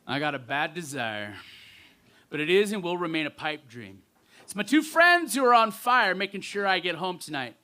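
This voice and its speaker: A man performing spoken word poetry live on a festival stage, with rhythmic delivery and pointed pauses, into a stage microphone. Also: high voice, sing-song, sharp tone.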